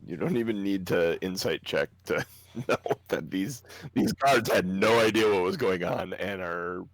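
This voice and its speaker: A man's voice: sits low, measured pace, dry recording. A man narrating a tabletop role-playing game as game master, casual and laughing often.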